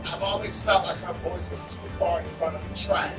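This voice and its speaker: A co-host on a gaming stream, bantering casually in a sassy, blunt, animated way. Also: medium pitch, brisk. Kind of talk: casual chat while gaming. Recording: roomy, distant mic, loud music behind.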